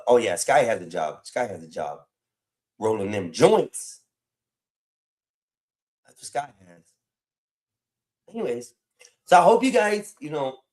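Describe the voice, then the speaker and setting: A man hosting a casual livestream, rambling and repeating phrases as he talks to his chat. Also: medium pitch. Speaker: livestream host.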